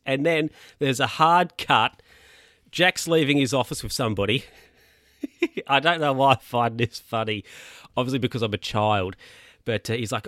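A man's voice: mid-range voice, moderate pace, long pauses, a bit bright, no room sound, studio quality. A man casually recapping a film, rambling with lots of fillers and asides.

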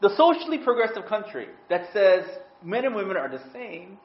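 A man's voice: high voice, normal speed. A middle-aged man preaching a sermon as pastor, telling stories animatedly and often asking "right?". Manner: animated storytelling, frequent "right?" tag questions. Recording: dull lo-fi sound.

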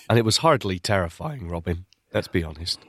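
A man's voice: deep voice, sing-song, moderate pace, fairly bright tone, breathy edge, dry recording. Man with a phlegmy cold. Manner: dry, teasing humour. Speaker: podcast co-host. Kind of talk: casual chat.

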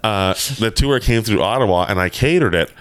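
Low-voiced man telling a rowdy story. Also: fairly quick, a crowd in the background. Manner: animated, swears freely, acts out voices in quotes. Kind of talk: casual storytelling.

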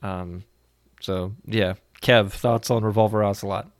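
A man hosting a podcast, an animated and rambling storyteller in casual chat. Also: on the low side, a little slow, dry recording, clean studio sound. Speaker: podcast host.

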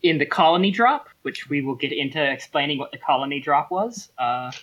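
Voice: mid-range voice, animated, brisk, fairly bright tone, dull audio. A game master running a tabletop role-playing game, explaining the setting at length with many ums and restarts.

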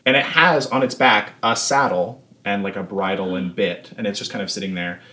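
A man's voice: on the low side, normal speed, pushed and bright. A man narrating as game master in a tabletop game, casual and full of fillers.

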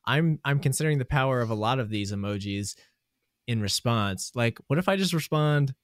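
A man's voice: mid-range voice, animated, brisk, smooth, dry recording. A young man hosts a loose podcast chat, rambling playfully and laughing at his own slips. His voice sits mid-range and the recording is dry. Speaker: podcast host. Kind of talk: casual chat.

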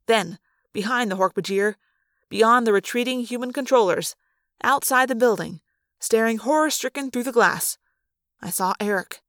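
A woman narrating a fan-read audiobook, telling the story in an expressive, dramatic way. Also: on the high side, no room sound, studio quality. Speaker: audiobook reader.

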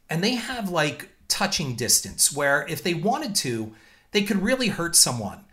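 A man hosts his own show and recounts run-ins from his career in an emphatic monologue. His voice sits a little high and comes across bright and forceful. He stays firm and indignant, setting out his points in numbered order. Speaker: filmmaker and show host. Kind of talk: storytelling monologue.

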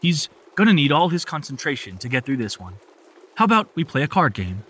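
A man voicing a calm, reassuring adult man in a storybook reading. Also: on the high side, fairly quick, slightly rough, exaggerated voice.

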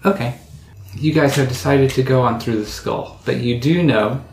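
A game master narrating a tabletop game at a relaxed pace, slipping in small asides and casual fillers. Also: medium pitch, moderate pace, echoey room, a little hiss or hum.

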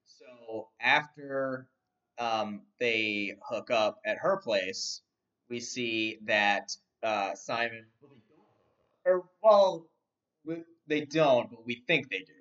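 A man's voice: mid-range voice, lively intonation, slow, fairly bright tone. A man casually recapping a film's plot, rambling with many fillers and restarts. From not from London. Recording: dull, distant mic.

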